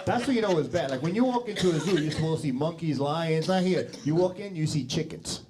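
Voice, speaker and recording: A man's voice: a little high, animated, fast talker, heavy background noise. A man in his forties doing stand-up comedy on a club stage, talking brashly, swearing, and teasing the crowd into a handheld mic. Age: 40s.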